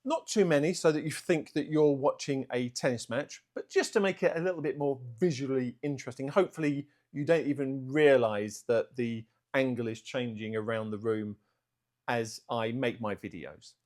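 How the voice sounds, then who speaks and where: This is an unscripted art-channel vlog, filmed indoors in a home room, where a man talks straight to camera. He has a mid-range, somewhat dark voice, and he consciously slows himself down to speak deliberately, yet fillers keep slipping through.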